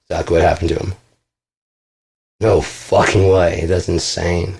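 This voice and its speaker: A man with a deep, husky voice tells a rambling story to camera. He is blunt and profane, with a boastful edge. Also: level tone, a little slow, long pauses, a little mellow. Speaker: vlogger. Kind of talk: casual storytelling monologue.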